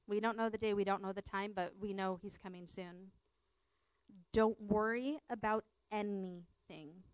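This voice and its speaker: A woman's voice: medium pitch, clear, resonant tone, no echo, rough recording. A middle-aged woman, a teacher, sharing a personal testimony in a chatty way full of fillers. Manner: chatty, filler-heavy storytelling.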